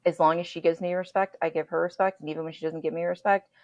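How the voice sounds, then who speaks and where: A woman hosting a podcast from home over a computer call, telling stories in a candid, animated way and swearing freely. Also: on the low side, fast, no room sound, muffled recording. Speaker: podcast host. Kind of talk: casual chat. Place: home, indoors. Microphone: computer mic on a video call.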